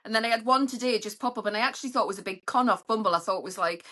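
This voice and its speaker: A middle-aged woman, chatting casually in a group. Her voice is bright and sits a little high. She tells cheeky stories and jumps into high, lively voices for quoted lines. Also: very fast. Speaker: panel member.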